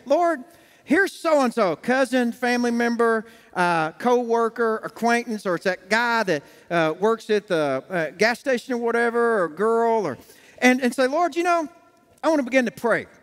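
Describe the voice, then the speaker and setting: High-voiced pastor in an echoing church. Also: male voice, animated, moderate pace, a bit bright. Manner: folksy storytelling, acts out quoted dialogue. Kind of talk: sermon. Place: church sanctuary. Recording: long church hall reverb.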